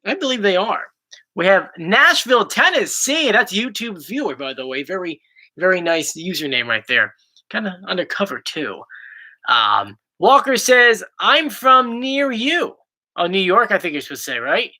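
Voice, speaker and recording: A man's voice: high voice, very animated, moderate pace, bright, forceful tone. A man hosting a casual livestream chat, playful and teasing his partner. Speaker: host.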